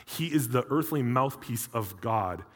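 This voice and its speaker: A man's voice: mid-range voice, expressive, measured pace. A man preaching a sermon in a conversational way, with humorous personal asides, in a church. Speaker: pastor. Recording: long hall reverb.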